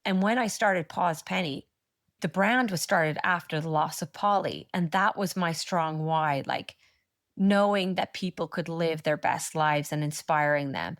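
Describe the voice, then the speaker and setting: A woman in her thirties chats as a manifestation coach on a podcast, storytelling with quick asides and a blunt, encouraging edge. Her voice sits slightly low. The recording is close and dry with no room sound. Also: no room sound. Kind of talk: casual podcast interview chat.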